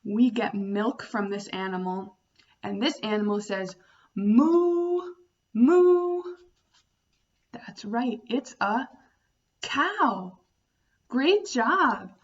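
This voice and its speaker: A woman teaching young children about farm animals, speaking slowly and making animal sounds. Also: mid-range voice, lively intonation, highs cut off. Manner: slow, sing-song, imitating animal sounds. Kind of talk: children's storytime lesson.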